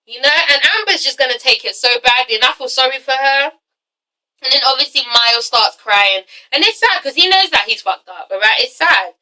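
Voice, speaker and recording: Bright, emphatic young woman vlogger. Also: a little fast, far from the mic, poor audio. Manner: emphatic, swears freely, frequent okay and all right tags; animated, acts out quotes with big pitch jumps. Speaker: vlogger reviewing a reality show. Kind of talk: casual vlog review.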